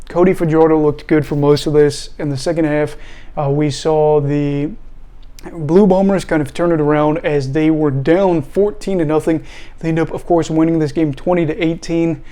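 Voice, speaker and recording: A man's voice: fairly high pitch, mellow. A man, a young adult, hosting a casual solo sports recap, chatty and often breaking into apologetic laughter. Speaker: sports channel host.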